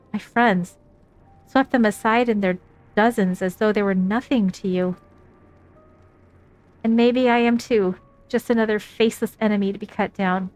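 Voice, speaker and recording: A woman's voice: mid-range voice, lightly acted. A woman voicing a bitter, wounded young male enemy soldier, reading game dialogue aloud with light drama.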